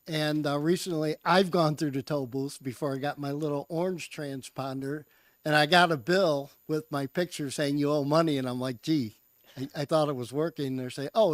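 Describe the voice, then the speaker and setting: A man's voice: on the high side, dry recording. A man, a state representative, asking questions and chatting politely in a committee hearing. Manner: polite, chatty, many fillers.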